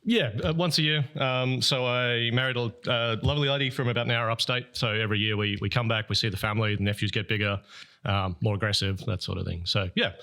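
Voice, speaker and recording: A man's voice: medium pitch, fairly even intonation, fast, bright, forceful tone. An Australian man chatting casually as a podcast guest, laid-back and self-deprecating with frequent laughs. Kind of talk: casual chat.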